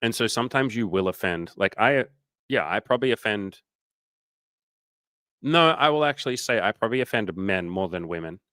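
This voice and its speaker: A man's voice: fairly low pitch, expressive, moderate pace, pushed and bright, smooth, no room sound. A man working as a dating coach, answering questions on a casual livestream in a candid, loose way, swearing freely and using lots of fillers.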